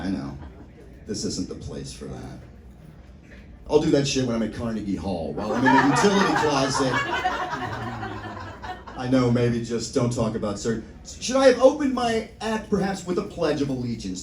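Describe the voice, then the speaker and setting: A man's voice: mid-range voice, recorded from a distance. A man doing a stand-up set on a comedy club stage, wry and self-mocking. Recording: roomy club sound from afar. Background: audience laughter.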